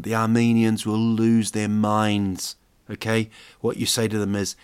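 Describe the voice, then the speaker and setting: A man hosting a casual comedic monologue, joking and rambling with many fillers. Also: lowish voice.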